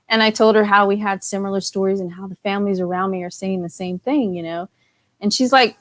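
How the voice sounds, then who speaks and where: A woman from Texas telling an excited story in a casual chat, with lots of fillers. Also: medium pitch, fairly quick, no room sound. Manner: enthusiastic, full of fillers, laughing often. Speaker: parent delegate guest.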